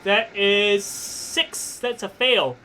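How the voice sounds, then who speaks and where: Bright high-voiced game master. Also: male voice, very slow, slight background noise. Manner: animated, laughing, casual swearing. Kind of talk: narrating a tabletop wrestling game.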